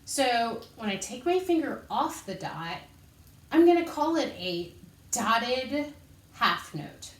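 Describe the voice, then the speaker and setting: In a slow, fairly high voice with big swings in pitch, a woman leads an elementary music lesson. She explains patiently and encouragingly and counts rhythm syllables while moving, and she is out of breath. The recording is echoey and far from her.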